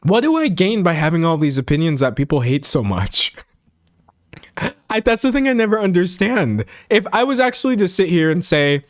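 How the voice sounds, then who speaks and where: A man's voice: high voice, sing-song, normal speed, no room sound, clean studio sound. A man streaming live, chatting casually and reading chat, exasperated and full of restarts, still a little sick. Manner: exasperated, restless, with many restarts and laughs.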